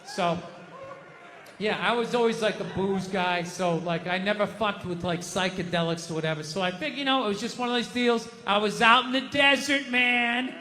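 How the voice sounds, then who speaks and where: A man in his fifties telling a stand-up story in a loud, animated way, with shouted bursts. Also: high voice, moderate pace. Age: 50s. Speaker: stand-up comedian. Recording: reverberant hall with faint noise.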